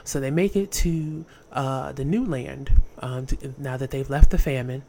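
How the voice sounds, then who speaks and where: Low, mellow-voiced woman telling a comic story. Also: a little slow, gravelly, slight background noise. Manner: casual, slangy, animated, putting on voices.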